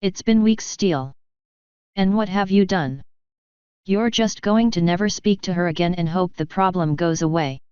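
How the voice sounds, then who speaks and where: Brief: woman voicing a cold, cutting unicorn mare for a storybook, low-pitched, crisp and dry. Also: normal speed, a little mellow, no room sound, highs cut off, close to an everyday voice. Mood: furious. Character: furious proud adult unicorn mare, icy sister.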